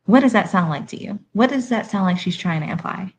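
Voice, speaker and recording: A woman's voice: medium pitch, lively intonation, a little fast, a little mellow. A woman from Haiti hosting a live stream. She gives blunt, sassy commentary and fires off rhetorical questions. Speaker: livestream commentator.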